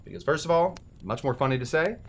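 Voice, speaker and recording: A man's voice: fairly high pitch, sing-song, fast talker, gravelly, a little hiss or hum. A man hosting a cocktail show, talking casually with rambling, self-deprecating jokes and asides. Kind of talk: casual comedic how-to talk.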